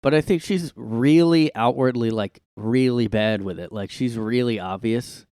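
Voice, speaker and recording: Recorded on a close mic in his room, a man hosts a casual solo podcast, rambling, swearing, and stuffing his talk with "like." His mid-range voice is a bit slow, warm, and clean, with no echo.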